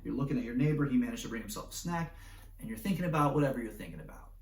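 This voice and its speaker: A man teaching a class, lively and animated, acting out little scenes and checking in with "right?" all the time. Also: mid-range voice, rapid-fire. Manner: animated, acts out scenarios with voices, keeps asking "right?". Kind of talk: classroom lecture. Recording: roomy echo, mic at a distance.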